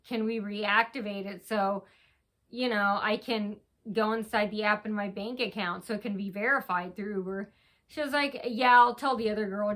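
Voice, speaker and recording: Bright, rambling woman vlogger. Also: mid-range voice. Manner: talks fast, with many restarts and acted quotes. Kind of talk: rambling casual storytelling.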